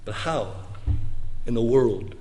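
Emphatic preacher in a reverberant hall. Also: male voice, medium pitch, slow, background noise. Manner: emphatic, dynamic preaching with loud and soft swings. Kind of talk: sermon. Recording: long reverb of a large hall.

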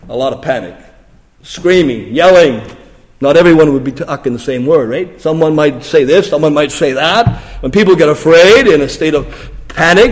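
A male pastor preaching a sermon, swinging from hushed explanation to loud emphatic questions. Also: on the high side, long reverb tail.

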